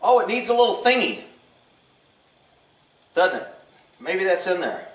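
Here the gift-opening host is high-pitched and very animated yet unhurried, mumbling to himself and cursing freely in a relaxed unboxing chat. He sits at a table in a room at home, recorded from afar in an echoey space with a little noise.

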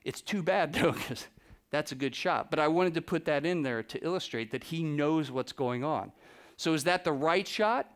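A man giving a live, animated storytelling talk to an audience as a photographer, acting out the people he quotes by dropping his voice. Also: fairly high pitch, normal speed, smooth. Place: presentation room with a live audience.

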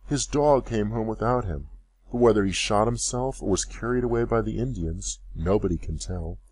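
A man voicing a young mother who speaks softly and sadly about her lost father. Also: fairly low pitch, moderate pace, no echo, close to an everyday voice. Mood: sorrowful. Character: young mother, grown daughter, gentle and sorrowful.

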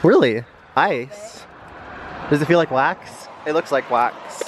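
A man's voice: fairly high pitch, lively intonation, takes it slowly, noisy background. A man talking casually to a handheld camera outdoors in a snowy park, shivering from the cold. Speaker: vlogger. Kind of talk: casual travel vlog.

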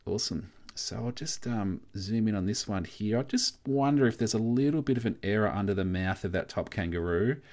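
A young Australian man with a somewhat low voice talks through a live stream in an easygoing, chatty way. He reads out viewer comments and answers them casually. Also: a little fast, few pauses, darkish tone. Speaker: coin collecting livestream host.

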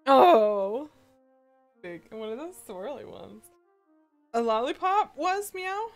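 Sex: woman. Role: streamer. Style: casual livestream chat. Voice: high and lively, slow unhurried delivery, meows between lines. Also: soft background music. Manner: giggly, meows between sentences, talks to chat.

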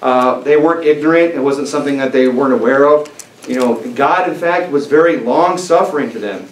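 A man's voice: medium pitch, a little fast, far from the mic. A man preaching a sermon in a church and reading scripture aloud, speaking emphatically with frequent fillers and restarts. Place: church sanctuary. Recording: echoey church recording from afar, faint noise.

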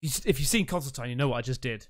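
A man's voice: mid-range voice, racing. A man hosting a reaction video, talking in a brash, boastful way and swearing often. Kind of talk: casual reaction commentary.

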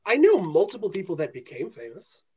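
Animated, cursing man on a podcast. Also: high voice, a little fast, lo-fi sound. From New England. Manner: animated, swears freely, slips into comic voices. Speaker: podcast guest. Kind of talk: casual chat.

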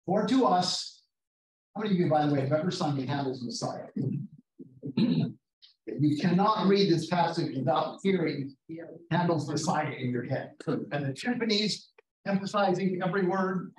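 A man leading an interactive Bible study, reading scripture slowly and putting questions to his class. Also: on the high side, expressive. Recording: roomy, distant mic, faint noise.

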